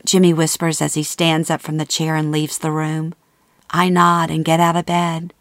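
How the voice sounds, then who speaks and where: A middle-aged woman narrating a personal memoir in a calm, measured, intimate way. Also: deep voice, no room sound, clean studio sound. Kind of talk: memoir reading.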